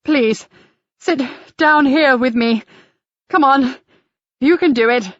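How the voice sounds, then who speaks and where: A woman's voice: medium pitch, normal speed, no echo, lightly acted. A woman voicing a fussy, theatrical male church tour guide who announces things grandly. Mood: alarmed, pleading. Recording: dry, slightly dull audiobook recording.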